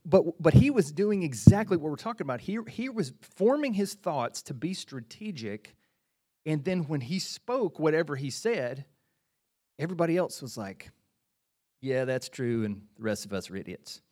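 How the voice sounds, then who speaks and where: Lively, conversational male preacher. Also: fairly high pitch, slightly rough. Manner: animated, conversational preaching with repeated phrases and quick restarts. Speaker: pastor. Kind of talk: sermon.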